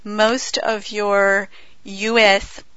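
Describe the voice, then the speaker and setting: A woman's voice: medium pitch, level tone, very slow, fairly bright tone, clean tone, no echo. A woman interviewing a guest, summing up his points and checking them with questions. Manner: summarizing, checking answers. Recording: dull lo-fi dry sound.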